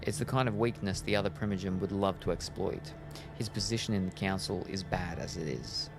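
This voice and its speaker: A gravelly, low-voiced vampire mentor, as a man puts him on while reading game dialogue aloud. He is cynical and streetwise, with clipped, world-weary phrasing. Game music plays behind him. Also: brisk. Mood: gruff, knowing.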